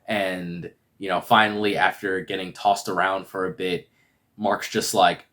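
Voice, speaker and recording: A man's voice: deep voice, flat delivery, measured pace, sharp tone. A man giving a casual, rambling review that recaps a TV episode and is full of fillers. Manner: rambling, filler-heavy retelling. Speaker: video reviewer.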